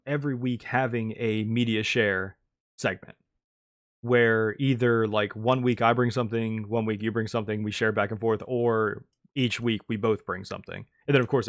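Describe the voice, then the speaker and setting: A man co-hosting a podcast, talking casually and thinking out loud as he plans segments. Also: fairly low pitch. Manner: plans aloud with many fillers and restarts. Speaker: podcast co-host. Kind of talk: casual chat.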